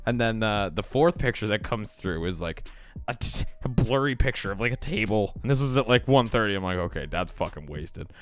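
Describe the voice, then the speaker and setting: A man's voice: on the low side, brisk, no room sound. A young man hosting a podcast, telling stories in casual chat, laughing often and swearing freely. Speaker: podcast host.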